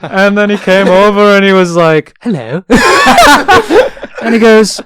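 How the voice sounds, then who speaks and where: A young man in his twenties with an English accent, chatting as a guest and telling anecdotes with loud, laughing impressions of the people he met. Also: high voice, a little slow, very noisy. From England. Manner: animated, acts out quotes loudly with laughter. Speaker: actor guest. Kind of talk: casual storytelling chat.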